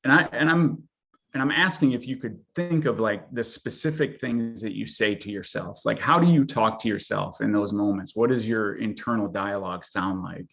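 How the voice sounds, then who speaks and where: A man's voice: fairly low pitch, normal speed, vocal fry, a bit bright. Friendly chatty man from Michigan. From Michigan, USA. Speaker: audience member asking a question. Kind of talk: casual chat.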